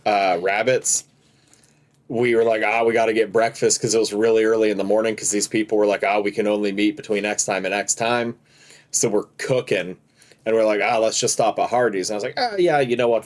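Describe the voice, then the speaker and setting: A man's voice: lowish voice, fairly even intonation, a little fast. A man co-hosting a casual podcast, telling stories animatedly and laughing through them. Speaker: podcast co-host. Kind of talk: casual chat, storytelling.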